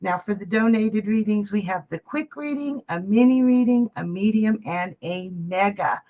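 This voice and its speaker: A woman's voice: medium pitch, normal speed, mellow, lo-fi sound. A woman hosting a live psychic reading stream, chatty and upbeat, greeting viewers and reading their chat messages aloud.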